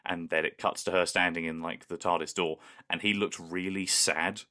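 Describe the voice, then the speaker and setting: Deep-voiced man co-host, chatty and keen. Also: level tone, normal speed, pushed and bright. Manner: enthusiastic, conversational, hedging. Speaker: podcast co-host. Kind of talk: casual chat.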